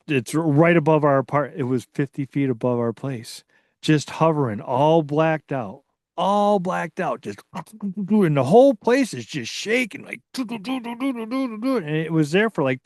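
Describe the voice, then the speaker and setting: A man being interviewed as a researcher, telling a story in a casual, excitable way that rambles and restarts. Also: on the high side, a little slow, no room sound, clean studio sound. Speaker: guest, Bigfoot researcher.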